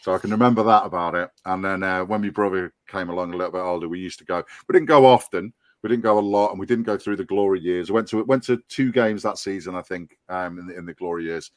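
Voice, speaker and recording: Quick-paced with hardly any pauses, this low-voiced man of roughly fifty talks with a Scouse accent, recorded with no echo. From Liverpool and North Wales, he's on a casual podcast as a fan board applicant, rambling earnestly through restarts and ums.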